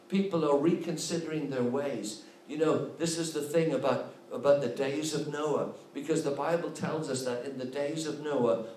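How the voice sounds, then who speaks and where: A man's voice: medium pitch, darkish tone, a little hiss or hum. A man preaching a sermon, emphatic and full of repeated refrains. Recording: echoey room, voice from a distance.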